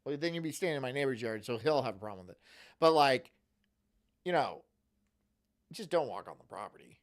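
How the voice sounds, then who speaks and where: A man's voice: medium pitch, lively intonation, fairly quick. A man streaming, chatting casually in profane, rambling rants. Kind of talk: casual chat.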